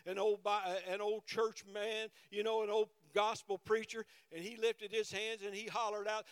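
A man's voice: high voice, fairly even intonation, moderate pace, hardly any pauses, no room sound. A middle-aged man preaching a sermon with fervent, repetitive phrasing and frequent cries of praise.

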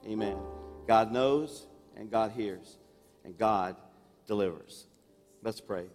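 A man's voice: on the low side, slow, darkish tone. Man praying in a reverberant church. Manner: earnest, emotional, rising to fervent prayer. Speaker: senior pastor. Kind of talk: church announcements and prayer. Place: large church sanctuary. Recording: live church recording with long reverb and music behind.

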